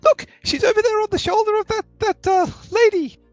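A man's voice: very high voice, brisk, no room sound, lo-fi sound, pitched above the performer's own voice. A man doing a shrieking, squealing fairground lady. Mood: flustered. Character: shrill startled woman at a fair.

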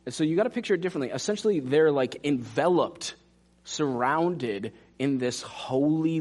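A man preaching a sermon, animated and direct, dropping to hushed asides for emphasis. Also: fairly high pitch, normal speed. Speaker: pastor.

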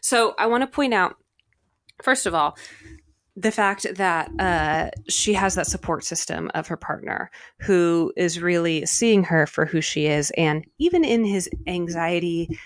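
A woman co-hosting a casual spiritual podcast, animated and swearing now and then, a little out of breath. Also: fairly low pitch, measured pace, no room sound. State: slightly out of breath. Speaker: podcast co-host.

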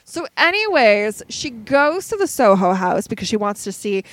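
Woman podcast host rambling through a story recap, kinda high voice, dry close sound. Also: very animated, no echo, low-quality recording. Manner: chatty storytelling recap with quick asides. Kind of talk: casual chat.

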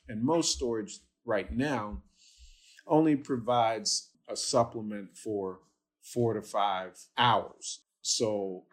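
A man with a fairly low voice lays out energy policy for an interviewer. He explains step by step in a measured, methodical way, pausing now and then on small fillers. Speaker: energy policy expert guest.

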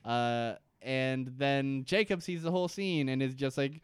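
A man's voice: mid-range voice, steady tone, a little slow, clear, resonant tone, no echo. A man co-hosting a casual comedy podcast, sarcastic and swearing, who acts out scenes in mocking voices. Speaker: podcast co-host. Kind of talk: casual comedic recap chat.

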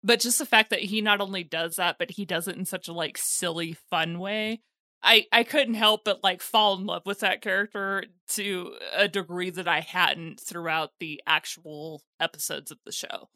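A woman's voice: fairly low pitch, steady tone, normal speed, sharp tone, dry recording, clean studio sound. A woman in casual podcast chat about an anime, talking thoughtfully and with enthusiasm.

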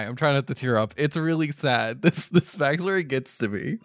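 A man's voice: medium pitch, animated, normal speed, few pauses, fairly bright tone, no echo, studio quality. A man co-hosting a podcast, chatting casually, often laughing and getting emotional about the story. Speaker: podcast co-host. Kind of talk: casual chat.

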